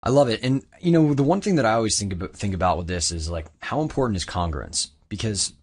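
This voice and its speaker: A man's voice: fairly low pitch, animated, fast, slightly rough. A man hosting a conversational interview, asking casual, enthusiastic questions. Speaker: interview host.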